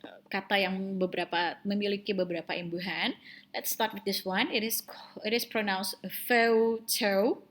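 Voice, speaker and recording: A woman's voice: medium pitch, steady tone, a bit bright. A woman with an Indonesian accent teaching English pronunciation, hesitating often and slipping into Indonesian as she drags out the example words. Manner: mixes Indonesian into English, hesitant fillers, drawn-out model words. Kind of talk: online pronunciation lesson.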